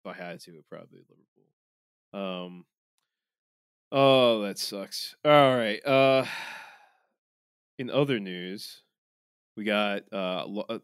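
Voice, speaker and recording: A man's voice: fairly low pitch, clean tone, dry recording, clean studio sound. A man co-hosting a podcast, trading loose, swearing banter with lots of fillers. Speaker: podcast co-host. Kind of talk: casual chat.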